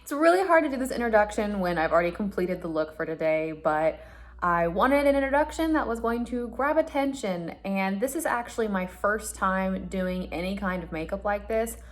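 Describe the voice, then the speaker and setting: A woman's voice: mid-range voice, lively intonation. Upbeat woman beauty vlogger, casual to-camera chat, mid-range voice. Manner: chatty and upbeat, quick asides.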